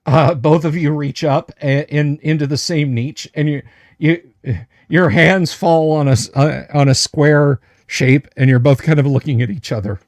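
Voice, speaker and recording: A man running a tabletop game livestream as game master, slowly describing what the players find, with lots of hesitant fillers and restarts. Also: a little high, fairly even intonation, no room sound, studio quality. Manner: describes items slowly and carefully.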